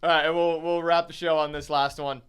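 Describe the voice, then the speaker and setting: A man's voice: a little high, little pitch movement, fairly quick, a bit bright, smooth. A man co-hosting a podcast, reading listener questions and teasing the host as he steers the show. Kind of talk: casual podcast chat.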